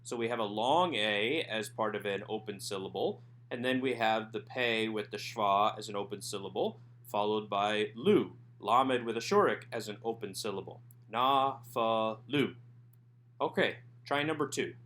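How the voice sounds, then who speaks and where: A man narrating a recorded language lesson over slides, sounding out words slowly and carefully. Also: on the low side, a bit bright. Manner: slow, careful enunciation of Hebrew words. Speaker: Hebrew teacher.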